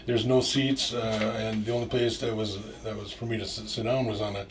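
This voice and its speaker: A middle-aged Minnesotan man, a storyteller guest, tells a long, rambling casual anecdote full of fillers, restarts and some swearing. His lowish voice is fairly quick with little pitch movement. A distant mic picks up faint noise and crowd sounds.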